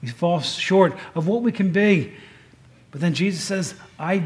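High-voiced man preaching casually. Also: normal speed. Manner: conversational, asks the audience questions, restarts often. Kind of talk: informal sermon. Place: room with a tin roof in the rain.

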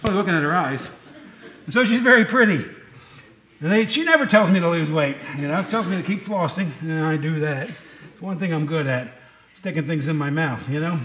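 A middle-aged pastor with a high voice gives a relaxed, chatty sermon and tosses joking asides to his congregation. His voice rings out in a roomy church. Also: fairly quick. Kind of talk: casual sermon.

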